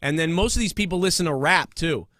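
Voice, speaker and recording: A man's voice: on the high side, fast talker, fairly bright tone, no echo, clean studio sound. A man hosting a comedy podcast, ranting casually with constant fillers, restarts and swearing. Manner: rambling, profane, many fillers and restarts. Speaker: podcast host.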